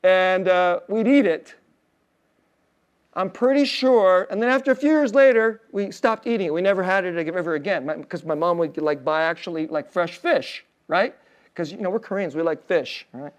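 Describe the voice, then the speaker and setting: A male pastor preaching a sermon in a casual, storytelling way, full of fillers and soft laughs, dropping to a hushed tender voice on emotional points. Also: high voice, moderate pace, clean tone, lo-fi sound.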